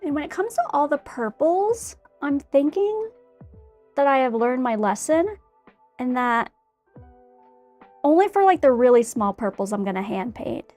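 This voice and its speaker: A woman's voice: high voice, big pitch swings, measured pace, long pauses, darkish tone, faint music behind. A young woman chatting casually in a bubbly, rambling way while she paints a figure. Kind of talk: casual chat while crafting.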